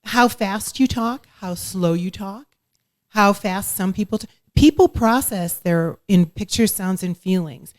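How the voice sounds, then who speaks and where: A woman coach speaks as a guest on a talk show, explaining her ideas patiently. Her voice sits at a middle pitch. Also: a little slow, darkish tone. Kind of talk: interview conversation.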